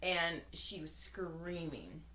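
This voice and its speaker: A woman's voice: lowish voice, animated, takes it slowly, bright, forceful tone, slight background noise. A woman in her forties co-hosting a podcast, telling a long story in casual chat, swearing freely and acting out what people said. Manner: rambling, swears freely, acts out quotes. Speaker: podcast co-host. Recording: roomy echo.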